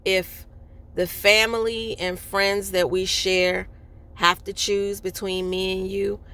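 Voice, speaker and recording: A woman's voice: mid-range voice, level tone, takes it slowly, sharp tone, smooth. A woman telling a personal story in a candid, rambling way, with many fillers and restarts. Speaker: speaker sharing a personal story.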